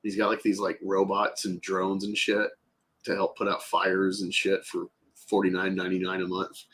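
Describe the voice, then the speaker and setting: Husky-voiced man rambling in casual chat. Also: low voice, monotone, moderate pace, fairly bright tone. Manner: rambling, filler-heavy, profane.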